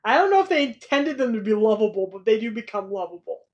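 A woman's voice: on the high side, big pitch swings, fast, muffled recording. Enthusiastic woman podcast co-host. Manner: enthusiastic, laughs often. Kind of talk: casual podcast chat.

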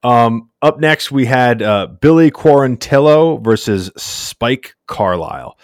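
A man's voice: mid-range voice, expressive, slow, no room sound, studio quality. A man co-hosting a casual sports podcast, laid-back and slangy, rambling through recaps. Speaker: podcast co-host.

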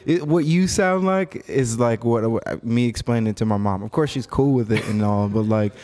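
A man's voice: medium pitch, moderate pace, darkish tone. A man hosting a podcast in casual chat, laid-back and slangy, laughing easily. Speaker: podcast host.

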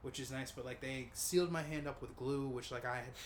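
A man in his twenties casually telling a long personal story, animated, with lots of fillers and acted-out voices. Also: mid-range voice, a little fast, slight background noise. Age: 20s. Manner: animated, acts out quoted voices, many fillers.

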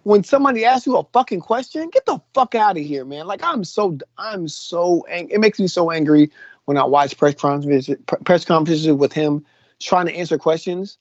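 Podcast co-host, male, high and animated, swears freely in a heated rant; dry, muffled recording. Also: normal speed, dry recording. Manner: heated, profane ranting. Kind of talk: casual chat.

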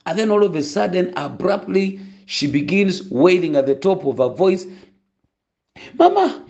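A man's voice: high voice, normal speed, gravelly, darkish tone. A male pastor praying and preaching a sermon, fervent and full of stories. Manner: fervent, storytelling, many restarts. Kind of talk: sermon and prayer. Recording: dull lo-fi recording.

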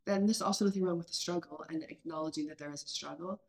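Woman, mid-thirties, podcast host; earnest, loose, self-correcting delivery, a little low. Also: fast. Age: mid-30s. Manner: earnest, thinks aloud with many restarts. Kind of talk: casual parenting podcast chat.

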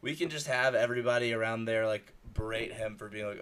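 A man chatting casually about a movie as a co-host, animated, swearing and acting out scenes. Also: on the low side, fairly quick, few pauses, smooth.

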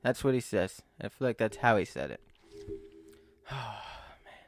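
A man's voice: fairly low pitch, expressive, unhurried, a little hiss or hum. A young man vlogging to camera in a rambling, self-mocking monologue, often breaking into laughs and sighs.

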